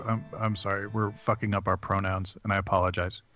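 A man's voice: low-pitched, flat delivery, a little fast, pushed and bright, dull audio, soft background music. A man co-hosting a podcast, chatting in an easygoing way and repeating himself about a song. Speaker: podcast co-host. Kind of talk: casual music review chat.

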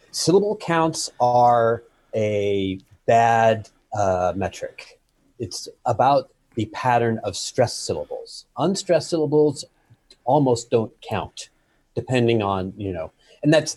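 A man co-hosting a casual discussion, pushing back with animated arguments about rhythm and stress. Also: medium pitch, measured pace, no echo. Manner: argumentative, animated, explains stresses with sweeping emphasis. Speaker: podcast co-host. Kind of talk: casual debate.

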